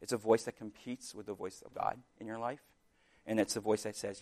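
A man preaching a sermon in an earnest, halting way, with restarts and sudden louder bursts. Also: lowish voice, fairly even intonation.

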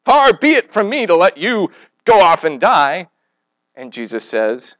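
A man preaching with a lively, swooping delivery that stays a little high for a man. He tells stories animatedly, acting out the quoted speakers. The sound is dry and close. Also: unhurried, dry recording, poor audio. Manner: asks the congregation questions. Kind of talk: sermon.

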